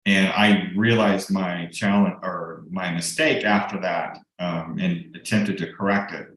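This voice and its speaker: A man's voice: deep voice, fairly even intonation, a little slow, fairly bright tone. A middle-aged man, a real estate broker and coach, giving a casual, explanatory team training with frequent ums and restarts over a video call. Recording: very echoey room.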